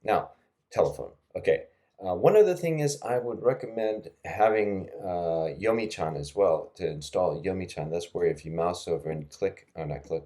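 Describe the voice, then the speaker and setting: Close to a desktop mic, a middle-aged man guides viewers through a screen-recorded language tutorial. This language teacher has a low, mellow voice and a relaxed, chatty manner, sprinkled with fillers and gentle laughter.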